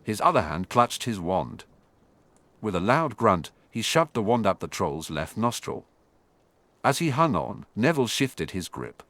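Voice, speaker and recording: A man reads a fantasy story aloud with dramatic energy. His voice sits low and swings widely in pitch. The recording is close and dry. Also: sing-song, a little slow, fairly bright tone, dry recording. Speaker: audiobook narrator. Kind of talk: scripted fantasy narration.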